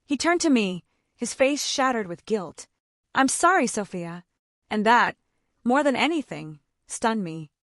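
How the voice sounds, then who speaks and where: A woman telling a dramatic first-person family story in a measured way. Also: on the high side, sing-song, dry recording, clean studio sound.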